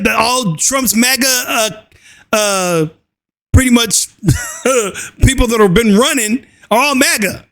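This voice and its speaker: A man ranting loudly and crudely in fired-up political commentary. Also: very high voice, gravelly. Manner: loud, fired up, drawling and crude.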